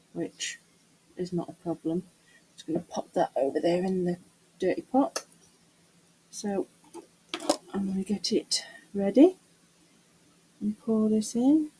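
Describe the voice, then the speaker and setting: A woman's voice: mid-range voice, dark tone, slightly rough, rough recording. A middle-aged woman chatting casually to camera while doing a resin craft, muttering to herself and teasing herself about her mess. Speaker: craft vlogger.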